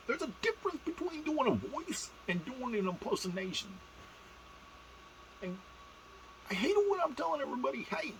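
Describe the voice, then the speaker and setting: A man putting on a squeaky, shrill ranting voice. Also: pushed and bright, slight background noise, full character voice, rough recording. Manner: rambling, stammering, swoops in pitch. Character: squeaky high-pitched excitable man.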